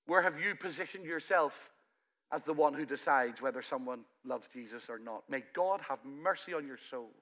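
A man from Ireland, the pastor of the church, preaching a sermon that swells loud in places and then falls to a quiet, intimate tone. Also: medium pitch, normal speed. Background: soft music from the church band.

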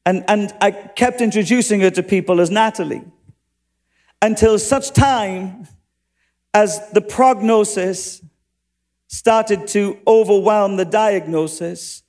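High-voiced preacher in a reverberant hall. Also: male voice, takes it slowly, a little mellow. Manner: earnest, story-telling with quoted dialogue. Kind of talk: sermon storytelling.

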